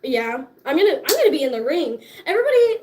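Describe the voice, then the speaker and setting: A woman's voice: high voice, sing-song, fast talker, warm tone, a little hiss or hum. A young woman hosting a casual livestream, chatting in a bubbly, profane way and laughing often, tired and sore after dance class. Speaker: livestream host.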